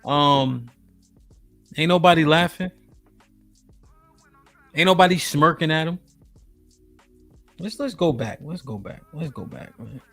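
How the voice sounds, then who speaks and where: A man with a fairly high voice talks in loose, slangy live-stream commentary and shouts out chat viewers by name. Faint music plays behind him. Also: animated, slow pace, vocal fry, long pauses. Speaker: streamer host reacting to a video.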